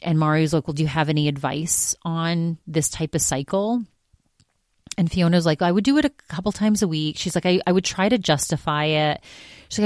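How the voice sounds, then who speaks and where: A woman's voice: low voice, dry recording, clean studio sound. A woman hosting her own podcast, casually recapping another show and retelling what was said in a chatty, quote-heavy way. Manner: chatty retelling, constantly quoting others with "she's like". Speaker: podcast host.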